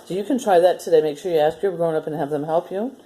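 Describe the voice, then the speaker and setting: Woman, children's story time host, low voice, mellow, gentle step-by-step explaining. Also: quick pace, a little hiss or hum. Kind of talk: reading a story aloud to children, then a simple demo.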